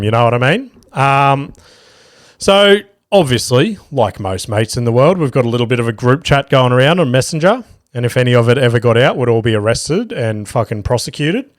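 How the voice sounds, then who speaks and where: A man's voice: medium pitch, dry recording, clean studio sound. A young man hosting a solo comedy podcast, rambling and sweary, telling stories with lots of restarts and self-mockery. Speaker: podcast host.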